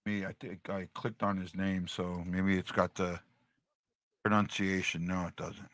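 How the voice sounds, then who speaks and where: A man's voice: sits low, little pitch movement, measured pace, fairly bright tone, no echo. A man hosting a casual hockey livestream, chatting to his viewers and repeating himself as he talks. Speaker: hockey podcast host.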